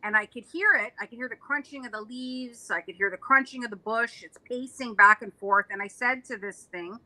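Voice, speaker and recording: Brief: woman with a bright, tense voice, recounting a scare with drama. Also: fairly high pitch, fairly quick, low-quality recording. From Canada. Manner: dramatic, emphatic. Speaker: paranormal investigator, guest. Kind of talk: casual storytelling.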